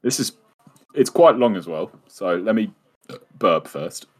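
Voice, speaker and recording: A man's voice: on the low side, lively intonation, unhurried, breathy edge. A man co-hosting a casual podcast, reading short horror stories aloud in a laid-back, hesitant way. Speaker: podcast co-host.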